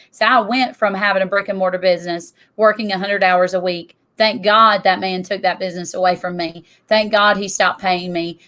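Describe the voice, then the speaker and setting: A middle-aged woman giving an energetic, emphatic presentation to an audience as a tax business owner. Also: mid-range voice.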